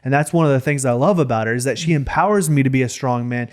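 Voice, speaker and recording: A young man co-hosting a reaction video, joking and animated in casual chat. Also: mid-range voice, quick pace. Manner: joking, animated, playful voices.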